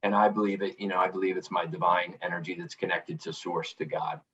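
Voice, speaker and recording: A middle-aged man speaks in a fairly low voice as a podcast guest, earnest and reflective, with frequent restarts. He sits away from the mic. The remote recording sounds dull. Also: level tone, fairly quick, fairly bright tone, far from the mic. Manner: earnest, reflective, many restarts and "you know". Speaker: podcast guest, author and coach. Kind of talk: candid storytelling interview.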